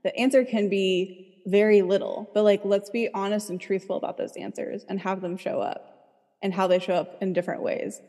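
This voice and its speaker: A woman's voice: mid-range voice, fairly even intonation, moderate pace, warm tone, big-room sound. A woman therapist talking casually in an interview, chatty and full of "like.". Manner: chatty, fills speech with "like". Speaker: licensed therapist, guest.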